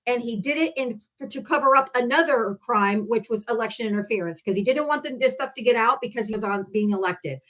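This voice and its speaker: A woman's voice: a little high, a little fast, hardly any pauses, a bit bright, poor audio. A woman hosting a live political debate stream. She talks in a blunt, mocking way and swears freely. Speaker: debate livestream host.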